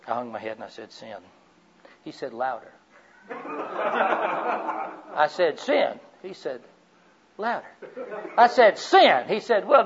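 An older man preaching a sermon, telling personal stories in a folksy way, swinging from loud to quiet. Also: high voice, muffled recording, a little hiss or hum.

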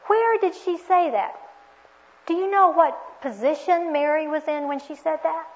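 A high-voiced woman delivers a sermon at a measured pace, earnest and reflective, frequently putting questions to her listeners. The recording sounds dull and lo-fi.

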